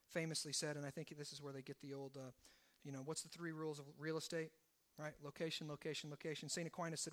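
A man preaching a sermon. He swings from hushed, low emphasis to loud, rising exhortation and keeps checking in with "right?". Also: little pitch movement, quick pace, hardly any pauses. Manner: asks the congregation rhetorical questions, often adding "right?". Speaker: pastor.

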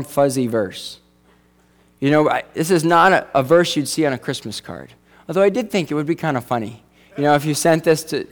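Male pastor, mid-range voice, casual sermon delivery with humorous asides. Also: medium pitch. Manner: conversational, jokey asides.

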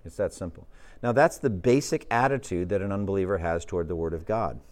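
A man's voice: low-pitched, brisk, darkish tone. A man teaching a Bible study lesson in a conversational way, often asking the class questions.

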